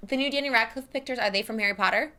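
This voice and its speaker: A woman hosting a podcast in casual, excitable chat, filling her talk with "like". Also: fairly high pitch, very fast. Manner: excitable and chatty, many "like" fillers. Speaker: podcast host. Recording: noticeable background noise.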